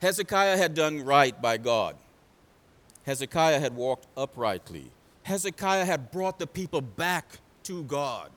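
A man preaching a sermon in a dramatic, call-and-response style that swings from loud to hushed. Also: fairly high pitch, big pitch swings, unhurried.

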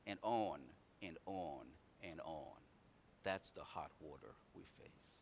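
A man preaching a sermon, swinging from loud emphatic runs to low quiet asides in a repetitive preaching cadence. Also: slow, a little hiss or hum.

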